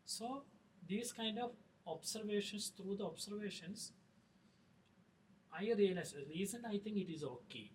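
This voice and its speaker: A middle-aged man, a film director talking in an interview, halting with many fillers and restarts. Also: high-pitched, animated. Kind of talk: casual interview talk. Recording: distant mic with faint noise.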